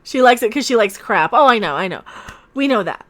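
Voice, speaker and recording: A woman hosting a casual livestream, commenting in a sarcastic, mocking way, laughing often and swinging between loud outbursts and mutters. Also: fairly high pitch, lively intonation, fairly quick. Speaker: YouTube channel host.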